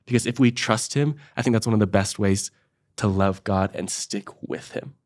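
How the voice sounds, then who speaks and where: A man's voice: fairly low pitch, darkish tone. A young man co-hosting a faith podcast, thoughtful and earnest in casual chat. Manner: thoughtful, earnest, builds his point slowly. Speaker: podcast co-host.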